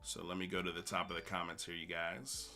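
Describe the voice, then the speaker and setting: A man's voice: low-pitched, flat delivery, fairly quick, sharp tone, faint music behind. A man hosting a livestream, ranting bluntly and sarcastically, then reading viewer comments with frequent laughs. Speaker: livestream host.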